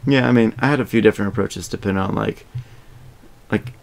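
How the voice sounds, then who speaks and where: A man's voice: lowish voice, a little fast, creaky. A young man hosting a casual podcast, rambling with lots of fillers and restarts. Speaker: podcast host.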